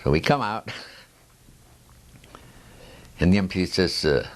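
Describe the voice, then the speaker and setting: A man's voice: low voice, animated, slow pace. A man in his nineties telling war stories in a rambling oral history, chuckling at his own tales and restarting his sentences. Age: 90s. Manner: frequent restarts and trailing asides.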